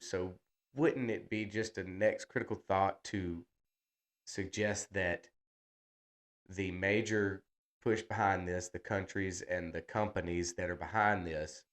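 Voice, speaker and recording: A man's voice: sits low, a bit bright. A man, co-hosting a casual podcast in a laid-back, jokey manner. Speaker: podcast co-host.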